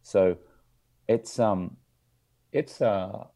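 Deep mellow guy hosting a podcast, slow and hesitant, lots of ums. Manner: measured, hesitant, many ums and restarts. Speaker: podcast host. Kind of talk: casual interview.

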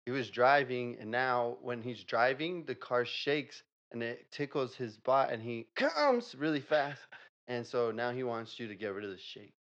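A man's voice: medium pitch, lively intonation, unhurried, a bit bright. A man hosting a casual improv comedy video, loose and laughing, swearing now and then. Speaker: host. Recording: dull lo-fi sound.

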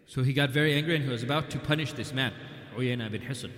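A man's voice: medium pitch, fast, a bit bright. A man giving a weekly religious history lecture, retelling events through quoted dialogue and recited scripture. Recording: echoey hall with long reverb.

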